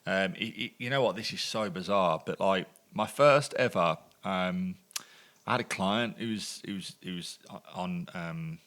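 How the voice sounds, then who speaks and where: A man with a Birmingham accent and a fairly low voice talks in a loose, chatty way. He wanders through his stories with plenty of fillers and restarts, like a podcast guest recalling his past. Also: normal speed, a bit bright. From Birmingham, England. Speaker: podcast guest, former lawyer. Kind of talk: casual storytelling in conversation.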